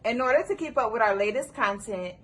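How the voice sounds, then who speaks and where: A woman storyteller reading a picture book aloud to children in an expressive, engaging way. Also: a little high, fairly quick. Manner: warm, expressive, addresses kids directly.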